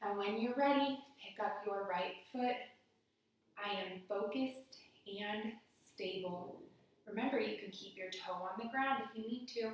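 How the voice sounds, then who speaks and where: A woman guiding children through a yoga lesson with gentle, playful cues. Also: a little high, fairly quick, hardly any pauses. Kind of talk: guided kids' yoga lesson. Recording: echoey room, somewhat far from mic.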